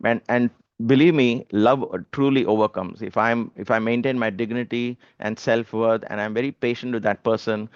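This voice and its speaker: Earnest man giving a halting spiritual talk. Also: medium pitch, fairly even intonation, smooth, no echo. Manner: earnest, halting, many restarts and fillers. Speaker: spiritual speaker. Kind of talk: devotional talk. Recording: dull lo-fi dry sound.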